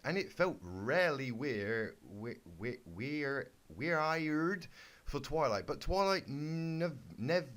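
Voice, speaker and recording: A young man giving a halting, deadpan comedic reading of a bad fanfic. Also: a little high. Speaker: YouTuber reading fanfic aloud. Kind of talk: mock-serious comedic reading.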